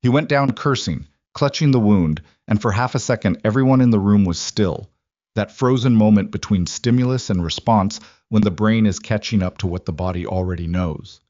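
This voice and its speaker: A man narrating a military thriller story in a steady, dramatic storytelling style, in a dry, slightly muffled recording. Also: lowish voice, moderate pace, no echo. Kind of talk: scripted narration.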